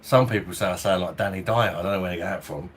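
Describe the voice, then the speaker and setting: This low-pitched, fast-talking Londoner has a Cockney, South East London accent. He chats and rambles while reviewing beer on a livestream at home in the heat, fan nearby, and he chuckles a lot. A faint hiss or hum sits under the recording.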